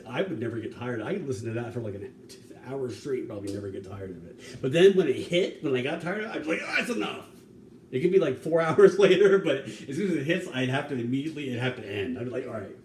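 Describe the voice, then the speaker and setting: A man talking in a rambling, casual way, swearing now and then, with sudden loud bursts and some humming and scatting. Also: medium pitch, far from the mic. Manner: hums and scats tunes between talking. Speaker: vlogger cooking on camera. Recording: echoey room, off-mic, faint hum.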